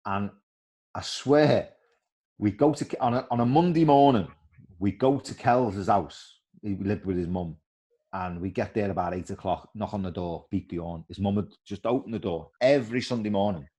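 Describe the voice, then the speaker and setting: A middle-aged man, a former footballer telling animated stories in a casual interview and acting out the voices of others. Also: fairly low pitch, moderate pace.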